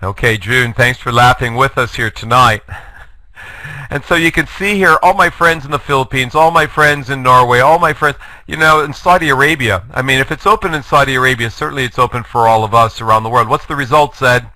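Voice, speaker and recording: A man leads a live online lecture with a bright, forward tone. The sound is dry and close, with no room around it. He jokes at his own expense and keeps rallying his listeners to join in. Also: mid-range voice, fairly quick, dry recording, rough recording. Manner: jokey, self-deprecating, rallies the audience. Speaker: guest lecturer. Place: online webinar.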